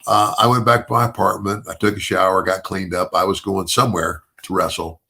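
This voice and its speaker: A man's voice: deep voice, level tone, a little fast, vocal fry, bright, forceful tone. An older man, a podcast guest, telling a long story casually, restarting phrases and chuckling as he goes. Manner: rambling with many restarts and repeated words; chuckles through his own story.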